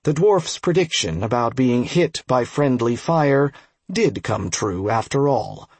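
A man narrating a fantasy game audiobook in a steady, measured reading. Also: medium pitch, slightly rough, dry recording. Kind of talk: scripted narration.

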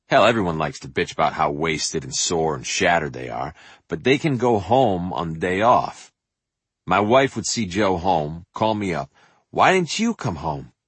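A man with a deep, raspy voice reads his own memoir as an audiobook, full of swagger and cursing. His delivery swings widely up and down as he acts out bits of dialogue. The sound is close and bone-dry, like a vocal booth. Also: dry recording. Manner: animated and profane, acts out quotes and sings snippets. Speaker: memoir narrator.

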